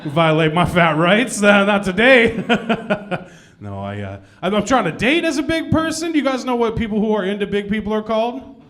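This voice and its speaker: A man's voice: high voice, big pitch swings, normal speed, fairly bright tone. A young adult man doing a self-deprecating stand-up comedy set on a club stage, laughing at his own jokes.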